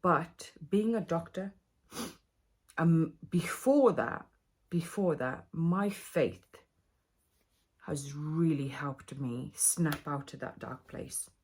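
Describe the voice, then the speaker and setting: A woman speaks very slowly in a low, husky voice. Her talk is halting and soft, often drifting down to almost a whisper. She is a doctor speaking candidly in a personal vlog. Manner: slow, halting and soft-spoken, trailing into near-whispers. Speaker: vlogger and doctor.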